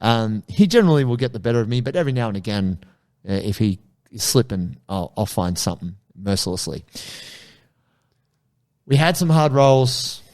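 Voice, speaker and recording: A man hosting a casual jiu-jitsu podcast chat, telling stories in an animated way and swearing freely. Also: medium pitch, moderate pace. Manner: animated storyteller, swears casually, acts out quotes.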